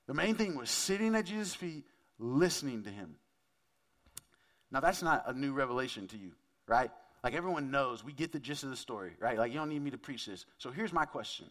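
Expressive and a bit bright, this pastor's mid-range voice moves at a normal speed. He preaches informally, like a conversation, and keeps posing questions to the congregation.

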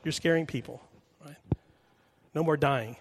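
A man's voice: fairly high pitch, unhurried, slight background noise, pitched below the performer's own voice. A man voicing an impassioned young male disciple in a sermon, speaking urgently and insistently. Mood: protesting. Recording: long hall reverb.

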